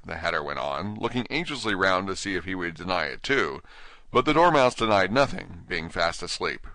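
A man narrating an audiobook with expressive storytelling. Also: deep voice, a little fast, dry recording.

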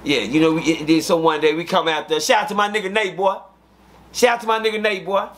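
A man from Midland, telling casual stories as an interview guest, animated and full of fillers. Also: high voice, fast. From Midland, Texas. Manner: animated, repetitive fillers, acts out quotes. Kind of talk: casual storytelling.

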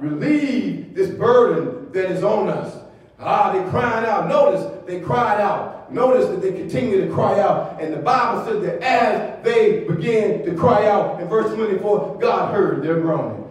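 A man preaching a sermon as pastor, in rhythmic bursts of shouted repetition and calls for the congregation to answer. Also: sits high. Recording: echoey church sound from far off.

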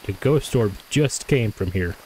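A man with a lowish voice talks casually through his gameplay, thinking out loud and correcting himself as he goes. Now and then he speaks straight to the ghost he is hunting. A faint hiss sits under the recording. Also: animated, measured pace, poor audio. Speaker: gaming streamer.

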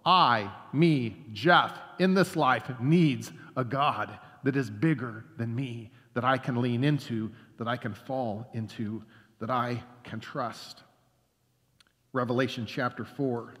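A male pastor delivers his sermon from the sanctuary, his voice ringing out into a long church reverb. He speaks earnestly, at a mid pitch, and slows down to drop soft on the words that matter most. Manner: earnest preaching, slows down and drops soft on key phrases.

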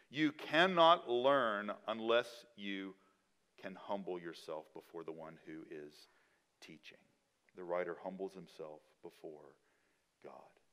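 A man preaching a sermon as a pastor in a church, rising to loud, emphatic peaks and dropping to quiet, low endings.

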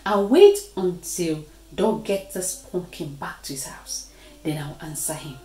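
A woman voicing a small, scheming male trickster spider in a children's storybook, hushed and sly in his thoughts, shrill when he cries out. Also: unhurried, roomy sound, close to an everyday voice, poor audio. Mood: scheming whisper.

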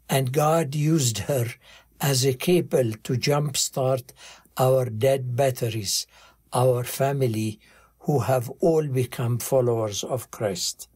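Slow, husky-voiced man reading aloud. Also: mid-range voice, a little mellow. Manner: slow, measured, earnest reading. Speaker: audiobook reader.

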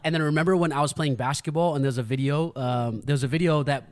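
A man hosting a podcast, telling stories in an animated way with frequent laughter. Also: a little high, fast talker, a crowd in the background. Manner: animated, storytelling, laughing often. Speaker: podcast host. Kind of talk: casual chat.

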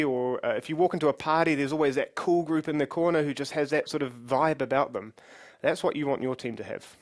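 A middle-aged man giving a conference keynote on stage as a company CEO, joking with the audience and leading it in games. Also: a little high. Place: large conference hall with audience.

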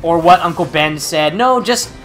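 A man's voice: on the high side, animated, moderate pace. Rambling young man with hiccups, music behind. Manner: rambling, many fillers and restarts. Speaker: gaming channel host. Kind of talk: casual rambling commentary.

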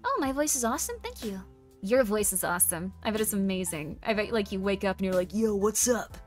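A woman's voice: mid-range voice, big pitch swings, fast talker, faint music behind. A woman streamer chatting casually with her live chat, bubbly and self-deprecating, with lots of giggles and "like.". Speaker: VTuber streamer.

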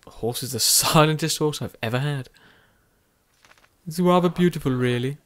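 A man's voice: a little high, normal speed. Tired man chatting over gameplay. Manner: rambling, self-correcting, chatty. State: tired with a sore throat. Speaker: gaming video host. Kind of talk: casual game commentary.

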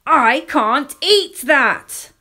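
Woman voicing a little tantrum girl, shouting, whiny, high, slow and drawn-out, storybook. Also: lively intonation, exaggerated voice. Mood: cranky shouting.

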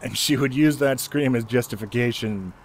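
A man's voice: mid-range voice, moderate pace, slight background noise. Wry man narrating his gameplay. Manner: wry, joking asides while playing. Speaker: gameplay commentator. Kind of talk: casual let's-play commentary.

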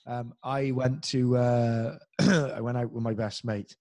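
A man's voice: mid-range voice, fairly even intonation, slow, a little mellow, dry recording. A young Welsh man, a guest impressionist, chatting casually on a podcast and telling self-deprecating, sweary stories. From Wales.

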